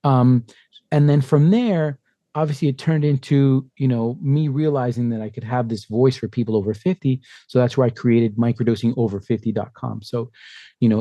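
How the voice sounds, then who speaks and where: Man in his 50s, mellow dark voice, dry close sound, animated storyteller. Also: medium pitch, dry recording, muffled recording. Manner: animated storyteller who acts out quoted voices. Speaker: podcast guest. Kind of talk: conversational interview.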